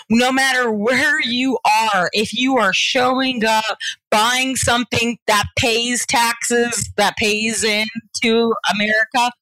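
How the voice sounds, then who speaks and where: A woman's voice: on the high side, dry recording, poor audio. A woman from Georgia, a political party organizer, speaking earnestly and animatedly in an interview. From Georgia, US South. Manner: earnest, animated advocacy with quick asides. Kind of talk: interview conversation.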